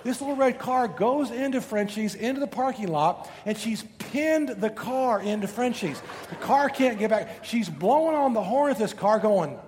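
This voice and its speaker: A middle-aged man preaching a sermon as pastor, telling animated stories and asking rhetorical questions, often repeating words. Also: very high voice, normal speed, hardly any pauses. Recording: reverberant hall with faint noise.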